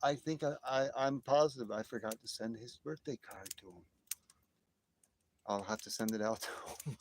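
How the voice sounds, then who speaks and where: A livestream host sits by a fire outdoors after dark, phone in hand, talking casually with the people watching. He has a mid-range voice at a moderate pace, with a bit of background hiss or hum, and his talk is rambling, exclamatory and quick to excitement.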